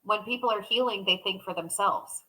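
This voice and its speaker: Podcast co-host, female, bright tone, earnest, conversational. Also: mid-range voice, normal speed, low-quality recording. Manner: earnest, fills with "like" and "you know". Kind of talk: casual chat.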